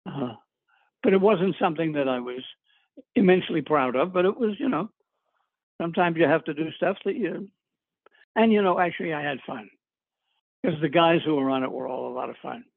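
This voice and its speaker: A man's voice: on the high side, fairly quick, vocal fry, long pauses, husky, dry recording. An older man from New England, an actor, casually telling rambling stories with chuckles and filler words. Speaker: guest actor. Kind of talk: casual interview storytelling. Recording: tinny phone-line sound.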